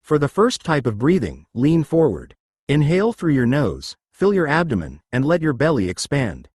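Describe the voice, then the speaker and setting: A man talks listeners through stretches and breathing drills one command at a time. His voice is husky and dry, with no room around it. His pitch rises and falls in a lively way as he coaches. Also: normal speed, no echo. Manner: coaching, giving step-by-step commands. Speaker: exercise and breathing instructor. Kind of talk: guided exercise instruction.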